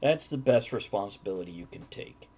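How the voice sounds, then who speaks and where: A man hosting a casual live-streamed talk show, his pitch rising and falling a lot as he jokes with co-hosts. He reads viewers' chat messages aloud between his own points. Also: expressive, brisk, warm tone, slightly rough. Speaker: host.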